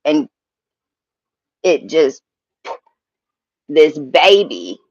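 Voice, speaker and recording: Slow, rambling man. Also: fairly high pitch, very animated, fairly bright tone, dry recording, poor audio. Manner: emotional, halting, swears freely, many restarts. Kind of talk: rambling personal monologue.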